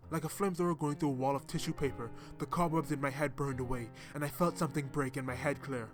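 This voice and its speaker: A man's voice: mid-range voice, steady tone, quick pace. Man narrating a horror story. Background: faint music.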